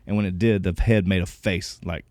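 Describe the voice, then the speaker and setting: Give me a low-voiced man eagerly telling a story on a podcast, in a dry room. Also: fairly even intonation, brisk, a little mellow, no echo. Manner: storytelling, eager, laughs often. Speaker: podcast co-host. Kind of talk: casual chat.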